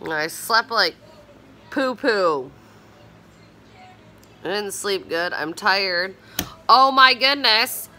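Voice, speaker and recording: A tired woman in her thirties chatting on a casual morning vlog at home, filmed on a phone camera, chatty and animated with sing-song teasing. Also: medium pitch, takes it slowly, long pauses, faint music behind. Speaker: vlogger. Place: home, indoors.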